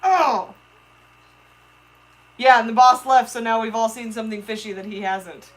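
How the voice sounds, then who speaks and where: Excitable woman hosting a live stream. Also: fairly high pitch, normal speed, poor audio. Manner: excitable, chatty, talks to her fish and viewers. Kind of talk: live stream chat with viewers.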